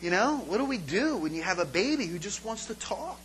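A man's voice: high voice, brisk, slightly rough, poor audio. A man giving an informal sermon as a pastor, telling stories and acting out scenes for his congregation. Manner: animated storytelling, acts out scenes.

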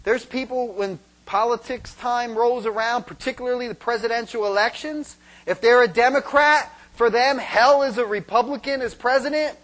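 A man preaching a sermon with lively, joking delivery, often asking "right?" and acting out cheering fans. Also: very high voice, moderate pace, few pauses, rough recording. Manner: animated, acts out fans shouting and singing; rhetorical "right?" after points. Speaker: pastor.

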